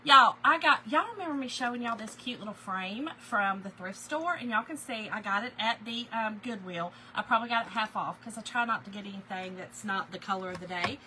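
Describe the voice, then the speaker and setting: A woman's voice: medium pitch, brisk, few pauses, bright, forceful tone, slight background noise, poor audio. A middle-aged woman, hosting a chatty live stream from home and greeting viewers by name in a sing-song lift. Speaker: livestream host.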